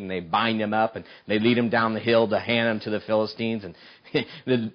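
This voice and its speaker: Man preaching a lively sermon, lo-fi. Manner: animated, voice climbing high when acting out Samson's pleas.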